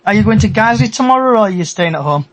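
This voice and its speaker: Man, Middlesbrough accent, podcast host, upbeat casual chat, higher-pitched voice. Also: expressive, fast talker, faint music behind. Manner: chatty, upbeat, thanks regulars.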